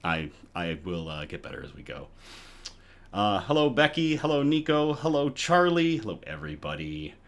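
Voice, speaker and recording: A man's voice: fairly low pitch, very animated, moderate pace, vocal fry. A man hosting his own live good-news show from home, chatty and self-deprecating, a little out of breath. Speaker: host.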